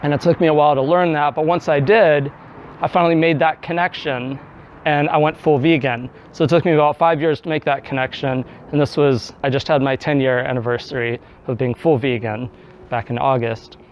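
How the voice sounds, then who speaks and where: A man's voice: fairly high pitch, fairly even intonation, fairly quick, slight background noise. A man in his thirties from Tennessee giving a conversational story speech, acting out his own past thoughts. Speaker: speaker giving a club talk. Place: indoor meeting room.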